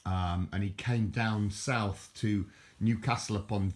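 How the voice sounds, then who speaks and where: A man's voice: lowish voice, steady tone, slow pace. An older man from southern England with a southern English accent, rambling and chuckling as he chats to camera, repeating words and restarting sentences. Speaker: vlogger. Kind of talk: rambling casual chat to camera.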